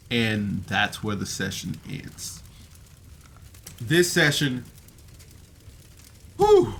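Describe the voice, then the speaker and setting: A man's voice: mid-range voice, fairly bright tone, a little hiss or hum. A man giving a casual, rambling review of a podcast episode on camera, emotional and full of fillers. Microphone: camera mic, seated on camera.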